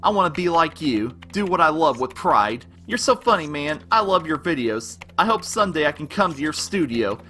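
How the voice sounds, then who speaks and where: Guy rapping as a creepy obsessed young fan, rhymey flow, tense bright voice, kinda high, beat underneath. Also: big pitch swings, normal speed, hardly any pauses, faint music behind. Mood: gushing. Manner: rhythmic rhyming delivery, swings between gushing and menacing. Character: obsessive unstable young male superfan. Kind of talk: rapped fan-letter verse over a beat.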